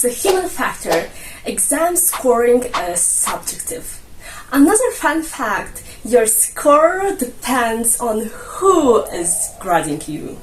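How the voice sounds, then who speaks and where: Chatty woman with a slow, roomy voice. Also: fairly high pitch, very animated, a little hiss or hum. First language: Russian. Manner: chatty, jokey, addresses viewers as friends. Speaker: English exam coach. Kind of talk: casual explainer narration. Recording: roomy, a bit distant from mic, light music.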